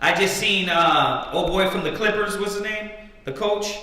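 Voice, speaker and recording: A man's voice: high-pitched, moderate pace, pushed and bright. A man teaching scripture in a fiery, preachy way, firing rhetorical questions and calling on a reader. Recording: echoey hall, mic at a distance.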